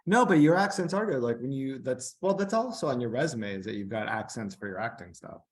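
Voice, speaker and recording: A man's voice: mid-range voice, lively intonation, fairly quick, a little hiss or hum. A man co-hosting a podcast, chatting casually in an upbeat way with lots of filler words. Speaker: podcast co-host. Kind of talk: casual chat.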